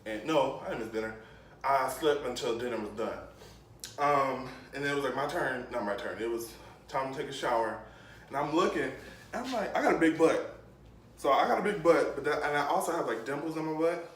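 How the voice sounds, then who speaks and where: A man's voice: mid-range voice, a little fast. A man telling a funny story from his childhood as a casual vlog, laughing often and acting out the scenes. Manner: animated, laughing, acts out the scenes. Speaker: vlogger. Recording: echoey room, mic at a distance, faint noise.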